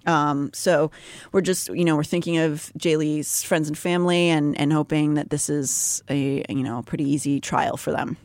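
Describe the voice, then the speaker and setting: A woman's voice: deep voice, steady tone, moderate pace, a little mellow, dry recording. A woman co-hosting a podcast in casual, opinionated chat, laughing easily. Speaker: podcast co-host.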